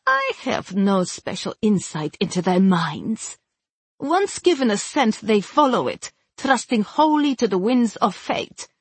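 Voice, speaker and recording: A woman voicing a calm, aloof man who keeps a tracking creature, speaking in a patronizing way, as if to a child, in an audiobook. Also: medium pitch, unhurried, breathy edge, no room sound, full character voice. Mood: condescending. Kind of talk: audiobook narration.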